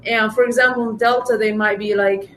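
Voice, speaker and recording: High-voiced woman telling animated work stories. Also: fairly quick, slight background noise, rough recording. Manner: animated storytelling, many fillers and restarts. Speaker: data scientist guest. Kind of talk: casual interview conversation.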